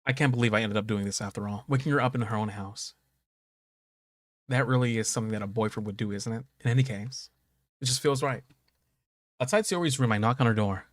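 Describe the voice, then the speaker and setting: A man streaming a game, reading its dialogue aloud and breaking off into excitable, profane reactions. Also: medium pitch, fairly quick, pauses often, dry recording, clean studio sound.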